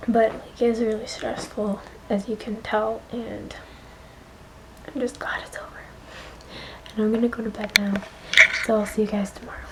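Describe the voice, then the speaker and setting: A woman's voice: a little high, flat delivery, normal speed, heavy background noise. A young woman vlogger and mother telling a story in a shaky, emotional voice, often dropping to a whisper, close to tears. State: on the verge of tears. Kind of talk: casual storytime vlog.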